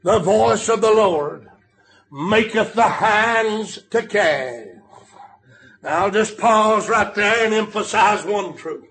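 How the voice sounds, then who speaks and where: Older male preacher, high voice, storytelling sermon that swells into shouted emphasis. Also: slow pace.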